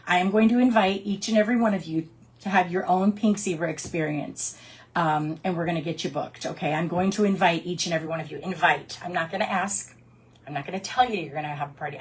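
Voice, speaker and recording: A woman who works as a direct sales consultant, giving her team casual coaching and acting out customer conversations in lively quick put-on voices. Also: medium pitch, breathy edge. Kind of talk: casual training talk with storytelling.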